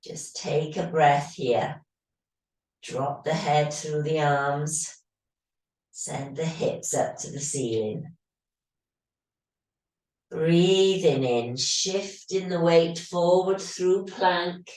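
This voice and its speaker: A woman leading a guided yoga class with calm, steady breathing cues, her voice slightly hoarse as she is losing it. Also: deep voice, very slow, pauses often, far from the mic. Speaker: yoga teacher. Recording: very echoey room, voice off-mic.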